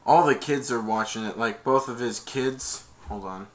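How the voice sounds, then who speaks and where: A man's voice: mid-range voice, normal speed. A man casually retelling a movie plot, rambling, laughing and acting out the quotes. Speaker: movie reviewer.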